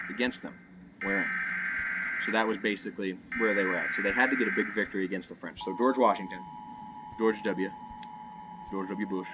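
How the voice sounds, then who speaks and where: Rambling young man over loud game noise. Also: on the low side. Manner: meandering, joking, hedging often. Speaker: gameplay commentator. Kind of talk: rambling let's-play commentary.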